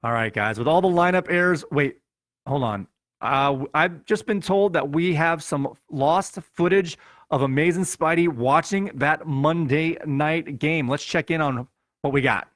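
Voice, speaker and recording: A man's voice: a little high, unhurried, a bit bright, dry recording, studio quality. Jokey man hosting a fantasy football show. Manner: jokey, chatty, addresses listeners as guys. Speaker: podcast host. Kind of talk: comedic fantasy football recap.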